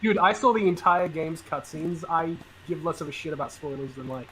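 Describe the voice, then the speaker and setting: A man's voice: a little high, fairly even intonation, a little fast, fairly bright tone, a little hiss or hum, low-quality recording. A man from outside the United States, a guest on a gaming stream, talking casually, profane and easily riled up.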